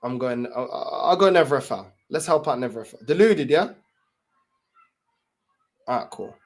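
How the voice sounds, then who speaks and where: A man's voice: mid-range voice, lively intonation, normal speed. A young man chatting casually to his livestream viewers, in laid-back, slang-heavy talk full of fillers. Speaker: livestream host.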